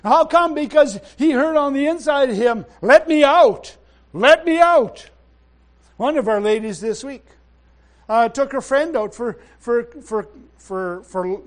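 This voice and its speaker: High-voiced man preaching emphatically. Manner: emphatic, halting preacher with frequent restarts; swings between quiet asides and loud exclamations. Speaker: pastor. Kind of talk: sermon.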